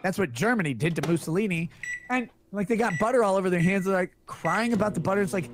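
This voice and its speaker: A man's voice: high voice, fast talker, noisy background. A man on his livestream, reading chat messages aloud and launching into an exasperated, profane, sarcastic rant. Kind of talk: ranting livestream monologue.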